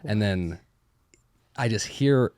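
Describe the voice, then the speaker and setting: Young guy, low voice, dry close mic, crude self-mocking storyteller in a casual podcast chat. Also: lively intonation, slow pace, a little mellow, dry recording. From Massachusetts. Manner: profane, self-deprecating storytelling.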